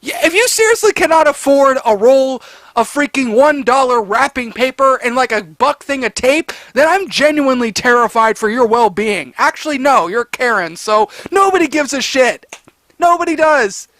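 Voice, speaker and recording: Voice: high-pitched, animated, normal speed, fairly bright tone, no room sound. A story reader giving comedic commentary in a rambling, sarcastic way, full of fillers and restarts.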